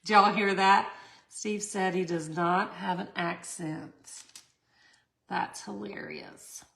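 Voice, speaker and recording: Middle-aged woman hosting a craft tutorial; slow, chatty, with a gravelly voice. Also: mid-range voice, fairly even intonation, a bit bright. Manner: chatty, laughs often, talks to viewers. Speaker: resin art tutorial host. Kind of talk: casual livestream craft tutorial.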